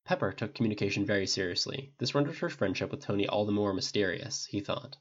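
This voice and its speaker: A man giving steady scripted audiobook narration on a dull lo-fi recording. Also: lowish voice, quick pace, husky.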